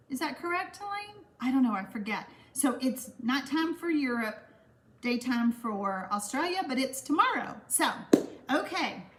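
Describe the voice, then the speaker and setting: Chatty woman, casual craft-stream host, giggles easily, slightly high-pitched. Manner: chatty and giggly, warm toward viewers. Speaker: stamping craft livestream host. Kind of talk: casual livestream chat reading viewer comments.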